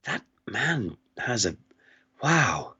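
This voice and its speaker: A man's voice: medium pitch, big pitch swings, extremely slow, sharp tone, breathy edge, no room sound. A male voice actor chatting as a guest in a casual conversation, rambling and self-deprecating. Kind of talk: casual chat. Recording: slightly dull, lo-fi audio.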